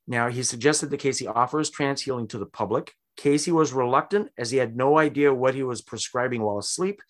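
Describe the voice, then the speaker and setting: A man hosting a casual podcast, recounting a history and acting out quoted lines with lively, exaggerated voices. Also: medium pitch, a little fast. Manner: animated, acts out quotes with big voices. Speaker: podcast host.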